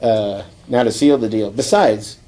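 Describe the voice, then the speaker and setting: A man with a mellow, warm voice hosts a podcast and rambles through a comic book recap. He talks loosely with fillers and restarts, chuckles often, and now and then jumps into short character voices. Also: fairly low pitch, unhurried. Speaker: podcast host. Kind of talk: casual comic book review chat.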